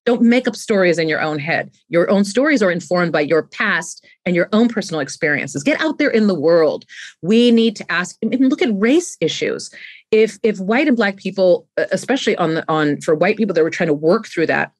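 Animated middle-aged woman coaching on leadership. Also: on the low side, brisk. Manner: animated, acts out quoted voices, repeats words when starting a thought. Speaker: podcast guest, leadership coach. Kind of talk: conversational interview.

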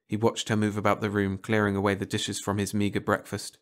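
Calm male audiobook narrator. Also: on the low side, a little fast, few pauses. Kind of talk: scripted narration.

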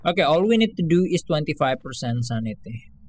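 A man's voice: a little high, big pitch swings, a little fast, darkish tone, a little hiss or hum. A man giving casual gameplay commentary in a horror game, talking through his moves to teammates in broken English. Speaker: gamer streaming a horror game.

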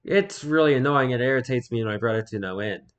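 A man's voice: mid-range voice, expressive. Guy reading stories off the internet, mid voice, trips over words and chats about them. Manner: reads haltingly, stumbles and repeats words, then comments offhand. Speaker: streamer reading online stories. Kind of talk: casual read-aloud with commentary.

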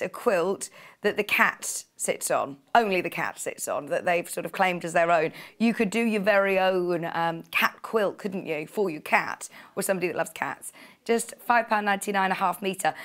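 A woman with a medium-pitched, slightly bright voice sells fabric on live TV shopping from a studio. She chats and gushes, with frequent gasps and bursts of laughter.

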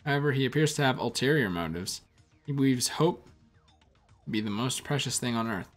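A man's voice: mid-range voice, animated, a little fast, soft background music. A man doing casual gameplay commentary, reading menu text aloud with wry asides. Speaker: let's play gamer.

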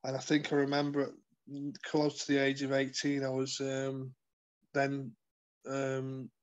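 A man telling his life story as an interview guest, earnest and halting, with many fillers and restarts. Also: medium pitch, completely flat delivery, clean tone, muffled recording. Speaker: guest sharing his testimony. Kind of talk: personal testimony in conversation.

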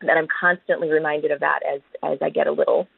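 Singer guest, woman from Chicago, husky morning voice, lowish, casual and chatty, heard over a phone line. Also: steady tone, quick pace, dry recording. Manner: chatty, warm storytelling with frequent fillers. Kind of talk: casual interview chat.

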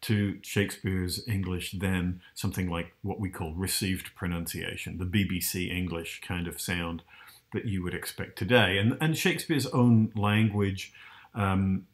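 A man's voice: deep voice, steady tone, unhurried. A man hosting, explaining casually and hesitantly, often turning to ask the listener. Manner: hesitant, many restarts and fillers, asks the listener. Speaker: host.

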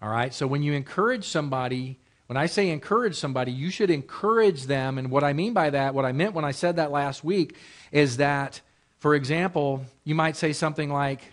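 A man's voice: medium pitch, fairly quick. Conversational male pastor preaching a sermon. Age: adult, married. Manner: conversational, repeats phrases, asks rhetorical questions. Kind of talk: sermon in a Bible class.

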